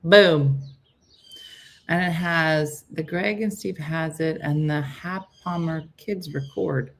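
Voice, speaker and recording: A woman's voice: low-pitched, slow pace. A middle-aged woman chatting casually on a morning live stream, rambling and answering viewers' comments.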